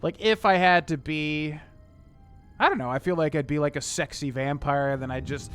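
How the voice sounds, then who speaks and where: A man's voice: a little high, normal speed, fairly bright tone, clear, resonant tone, soft background music. A young man casually chatting with viewers while streaming a game, rambling with many fillers. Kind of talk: casual gameplay commentary.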